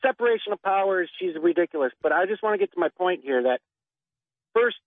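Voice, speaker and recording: A man's voice: high voice, expressive, no room sound. A man calling in to a talk radio show, rambling and earnest, heard over a tinny phone line. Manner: rambling, earnest, drawn-out pauses. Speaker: caller.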